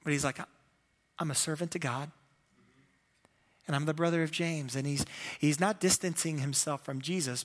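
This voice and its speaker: High, bright-voiced pastor in a reverberant hall. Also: male voice. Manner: animated storytelling with acted-out quotes; humorous and self-deprecating. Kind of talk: sermon.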